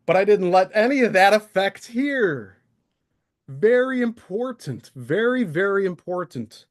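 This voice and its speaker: A man's voice: high-pitched, sing-song, slow, long pauses. A male livestream host delivering an exasperated, profane, confrontational rant straight to the camera. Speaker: channel host. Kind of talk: ranting livestream monologue.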